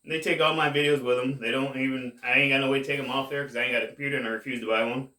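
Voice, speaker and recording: A man's voice: medium pitch, steady tone, pushed and bright, distant mic. Laid-back stoned man, echoey room. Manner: laid-back, drawn-out, says "man" a lot. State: high, getting more stoned. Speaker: cannabis vlogger. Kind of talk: casual rambling chat to camera.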